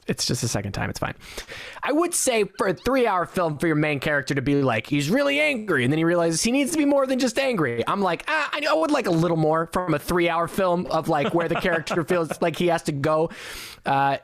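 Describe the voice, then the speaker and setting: Animated man reviewing a film. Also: a little high, brisk, no room sound. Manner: animated, acts out quotes, laughs often. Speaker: podcast co-host. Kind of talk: casual movie review chat.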